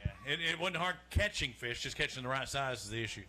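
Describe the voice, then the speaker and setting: A man's voice: mid-range voice, expressive, quick pace. A man hosting a live outdoor fishing weigh-in, joking and chatty as he calls out names and weights. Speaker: weigh-in emcee. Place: outdoor lakeside weigh-in stage.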